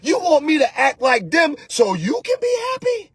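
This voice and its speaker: A man hosting a casual motivational talk as a spiritual coach, animated and preachy, slangy and often shouting. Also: very high voice, normal speed, hardly any pauses, no room sound.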